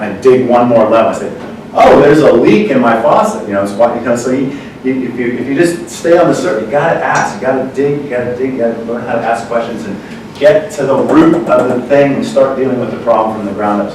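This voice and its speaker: A man giving an informal teaching talk to a group, repeating words and asking the listeners questions. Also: medium pitch. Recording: roomy echo, far from mic, noisy.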